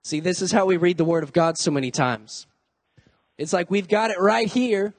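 A young adult man preaching a sermon to youth and college students in a lively, joking, conversational way. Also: sits high, normal speed, big-room sound. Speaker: youth pastor.

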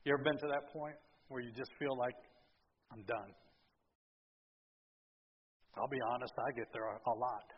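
A man preaching a sermon, telling a story in a folksy way that swings from loud to hushed. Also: medium pitch, steady tone, moderate pace, pauses often, slightly rough. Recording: dull echoey hall from a distance.

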